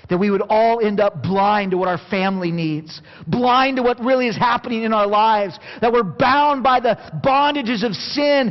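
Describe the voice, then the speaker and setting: A man preaching a sermon, passionate, going from quiet to near shouting and acting out scripture quotes. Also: sits high. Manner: plays out Bible quotes in acted voices. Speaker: pastor. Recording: dull sound with long hall reverb.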